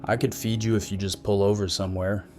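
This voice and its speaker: A man reading as an eerie woman passenger in a low, soft, sing-song voice. She coaxes the listener with unsettling sweetness. Faint music plays underneath. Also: level tone, fast, natural voice. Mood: coaxing.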